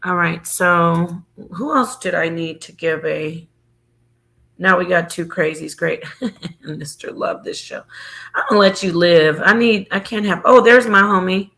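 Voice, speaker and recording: A woman hosting a casual livestream, loud and playful, joking with her chat and breaking into sing-song bits. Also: fairly low pitch, unhurried, gravelly. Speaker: livestream host.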